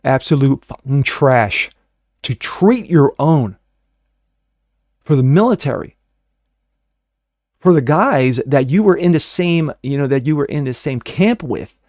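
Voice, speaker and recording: A middle-aged man hosting a political commentary show, ranting with heavy profanity, swinging from loud outbursts to low muttering and mocking the people he quotes. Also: lively intonation, measured pace, long pauses, dry recording, studio quality. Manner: mocking put-on voices when quoting others. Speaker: host.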